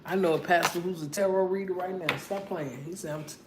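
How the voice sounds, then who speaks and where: A woman's voice: on the low side, quick pace. A middle-aged woman giving a casual tarot reading, blunt and profane, laughing often as she talks. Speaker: tarot reader. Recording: echoey room with faint noise.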